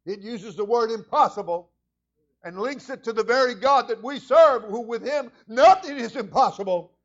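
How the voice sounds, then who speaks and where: A man with a high-pitched voice delivers a sermon as senior pastor. He moves between quiet, conversational asides and loud, fervent prayer. The recording sounds dull and lo-fi. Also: animated, normal speed.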